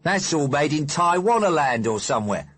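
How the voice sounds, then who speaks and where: A gloomy teen boy in an audiobook who grumbles about the future, as a male narrator voices him. The voice rises loudly and swings widely, husky and dry. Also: fairly high pitch, sing-song, normal speed, no room sound, pitched above the performer's own voice, full character voice. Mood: glum. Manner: glum, complaining. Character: gloomy tough teenage boy.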